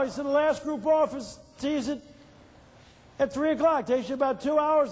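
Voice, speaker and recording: High-voiced man lecturing in a hall. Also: moderate pace, pauses often. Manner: asks the audience questions and answers them, playful storyteller. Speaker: keynote speaker. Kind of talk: motivational keynote talk. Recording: reverberant hall.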